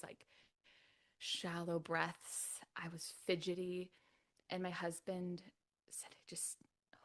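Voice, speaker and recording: A fairly low, creaky female voice belongs to a California woman sharing her birth story on a podcast. The tone is casual and chatty; she talks softly, often nearly whispering, and fills her lines with "like" and laughter.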